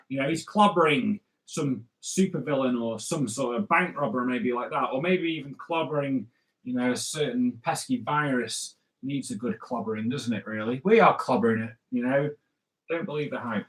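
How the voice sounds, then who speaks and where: A man's voice: medium pitch, brisk, a bit bright. A middle-aged man teaching kids to draw comics, chatting as he draws and checking in with "okay?" and "right?". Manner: chatty, talks while drawing, lots of "okay?" and "right?". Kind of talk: drawing lesson for kids. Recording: roomy echo.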